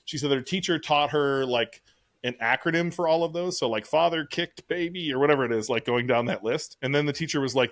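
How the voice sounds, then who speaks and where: A man's voice: a little high, fairly bright tone, no room sound. A middle-aged man co-hosting a podcast, telling rambling stories in casual chat with frequent swearing. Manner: fast, rambling, profane storytelling. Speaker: podcast co-host.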